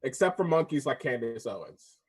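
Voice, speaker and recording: A young man co-hosting a casual debate podcast, telling stories with lively energy and frequent laughs. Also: mid-range voice, a little fast, slightly rough. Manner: animated storyteller, laughs often, acts out voices. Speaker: podcast co-host.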